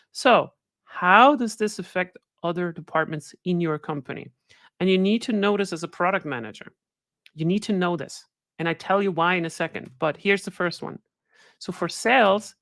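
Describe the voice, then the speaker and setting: Speaking as a webinar guest, this woman chats with her audience in a relaxed way and keeps tacking "right?" onto her points. Her voice is on the low side and a little bright, captured at studio quality without any room sound.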